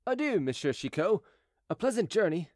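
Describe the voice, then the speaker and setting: A courteous gate officer who will not bend on the rules, read by a man in an audiobook. He sounds polite and firm. The voice sits fairly high, with a lively lilt, and the sound is dry. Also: normal speed, no echo. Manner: courteous but unyielding.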